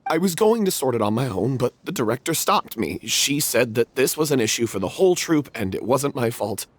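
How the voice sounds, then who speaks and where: A guilt-ridden young actor from a video game, confessing in a husky, dry voice. His delivery swings widely from a low murmur to high, pleading peaks. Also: big pitch swings, brisk, no room sound. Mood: remorseful. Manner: confessing, remorseful, self-loathing. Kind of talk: game voice acting.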